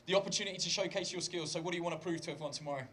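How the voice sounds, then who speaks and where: A man interviewing boxers after a weigh-in, asking quick, even questions. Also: fairly high pitch, a little hiss or hum.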